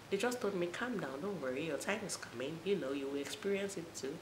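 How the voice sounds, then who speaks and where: A young woman, telling a personal story to her viewers in a casual, animated way. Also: fast, hardly any pauses. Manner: animated retelling, voices rising high for quoted moments. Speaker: vlogger. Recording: echoey room with faint noise.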